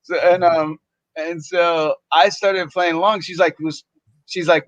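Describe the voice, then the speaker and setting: Brief: chatty podcast host man, slightly higher voice, dry dull lo-fi sound, acts out everyone's lines. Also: unhurried, no echo. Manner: animated, acts out other people's lines in shifting voices. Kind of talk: casual storytelling chat.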